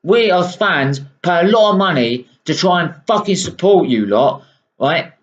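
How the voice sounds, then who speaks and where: A football fan vlogger, sounding unwell, delivers an angry ranting monologue about his club. His voice is high-pitched and a little slow, with lively intonation, and he swears often while tacking "right?" onto his sentences. The recording has a dull, lo-fi quality.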